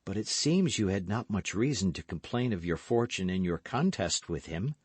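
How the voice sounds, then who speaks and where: A man reading an audiobook voices a cold, scheming noblewoman who coaxes and commands, in a soft, measured way. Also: sits low, animated, husky, no room sound.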